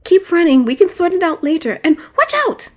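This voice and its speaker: An excitable young maid in a fantasy audiobook, voiced by a woman narrator and pitched high with eager exclamations. Bubbly and quick to squeal. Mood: excited.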